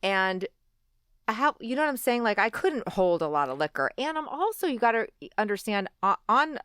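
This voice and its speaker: A guest in her forties tells a personal story in a candid interview, peppering it with "like" and "you know" and acting out what she said back then. She goes quiet and low when recalling regret. Her pitch swings widely at a normal speed, with a clean tone in a clean, echo-free studio recording.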